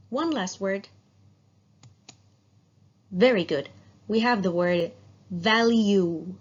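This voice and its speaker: A woman teaching an English phonics lesson, modeling sounds slowly and praising students as they repeat. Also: mid-range voice, lively intonation. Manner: slow, drawn-out, encouraging drill. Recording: dull lo-fi sound.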